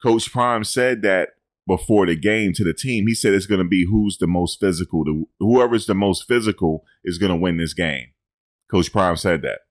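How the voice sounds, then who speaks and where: A man's voice: sits low, moderate pace, no echo, clean studio sound. A man hosting a sports show, giving casual commentary in a chatty, repetitive way. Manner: conversational, repeats himself.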